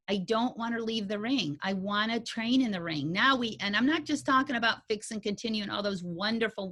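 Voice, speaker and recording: A woman instructor talking through dog agility training with her students. Her delivery is folksy and animated, with homey turns of phrase. Her pitch sits in an ordinary middle range. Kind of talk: conversational teaching talk.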